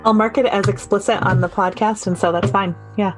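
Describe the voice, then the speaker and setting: A woman hosting a podcast, speaking calmly as she moves to a break and reads an ad. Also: mid-range voice, fairly quick, poor audio. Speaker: podcast host. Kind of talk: casual chat and read ad. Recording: faint music under the voice.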